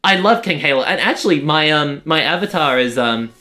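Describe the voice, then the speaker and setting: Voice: mid-range voice, lively intonation, brisk, pushed and bright. A streamer casually chatting with viewers while playing a game, rambling and often breaking off mid-sentence. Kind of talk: casual live-stream chat.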